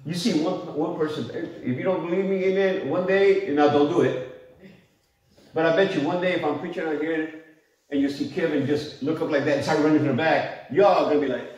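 A man's voice: a little high, a little fast, darkish tone. A middle-aged man preaching a sermon as pastor, telling stories conversationally and laughing along. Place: church hall. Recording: echoey church hall, mic at a distance.

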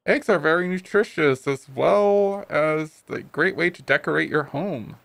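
A man voicing a talking toy tuna in a video game, reciting odd fun facts in a flat, matter-of-fact way. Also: on the high side, vocal fry, no echo, full character voice. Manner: cheerful deadpan fact recital.

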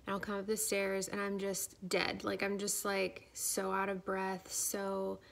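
Chatty young woman with a gravelly voice. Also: medium pitch, completely flat delivery, a little slow, a bit bright. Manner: chatty, filler-heavy, says "like" a lot. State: slightly out of breath. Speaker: vlogger. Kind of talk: casual pregnancy update vlog.

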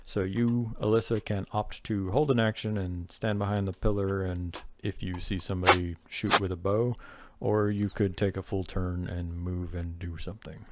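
A man's voice: low voice, steady tone, normal speed, few pauses, very noisy. A young man running an online tabletop game as game master, patiently explaining the rules step by step over a voice chat microphone.

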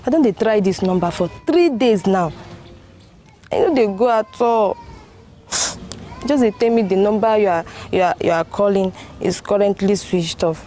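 A woman's voice: medium pitch, animated, moderate pace, mellow, slight background noise, lightly acted. An actress playing a frustrated woman grumbling about a phone she cannot reach, with a Nigerian Pidgin accent. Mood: annoyed. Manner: grumbling to herself.

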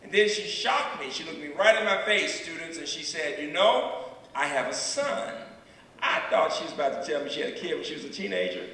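A man in his sixties, a university president giving a public lecture, telling stories with dramatic pauses and repeated refrains. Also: fairly high pitch, expressive, sharp tone. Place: large lecture hall. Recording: echoey hall from far off.

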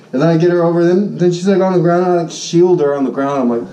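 A man, a high school Spanish teacher, telling a story in a jokey, boastful vlog and acting out his own shouts. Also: fast, hardly any pauses, reverberant, far from the mic, poor audio. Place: Honolulu.

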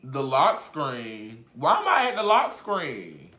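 A man vlogging a storytime in casual slang, swinging from muttered asides to shouted outbursts. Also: medium pitch, huge pitch swings, takes it slowly. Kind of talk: storytime vlog. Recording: roomy echo.

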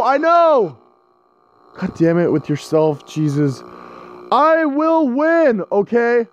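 A man giving casual gameplay commentary at home, cursing and getting frustrated as he shouts at the game. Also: mid-range voice, slight background noise, low-quality recording. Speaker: gaming video host.

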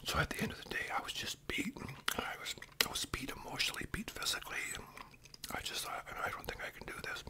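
A man in his sixties telling a long story in a whispered ASMR voice, rambling and adding tag questions as he goes. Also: fast talker.

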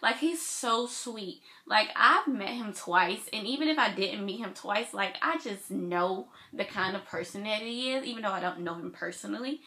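A woman's voice: mid-range voice, lively intonation, moderate pace, few pauses, sharp tone. A young woman vlogging in casual chat, gushing and chatty, saying "like" a lot. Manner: gushing and chatty, says "like" often.

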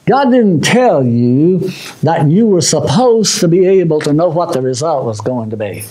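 A man preaching a sermon as pastor, moving between loud, high exhortation and low, quiet asides. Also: big pitch swings, measured pace, slight background noise, rough recording. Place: church sanctuary.

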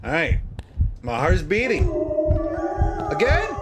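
A man commentating a horror game he is playing, jumping between shouts and muttering to himself. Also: on the high side, wildly swooping pitch, slow pace. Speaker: gameplay streamer. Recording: music loud in the background.

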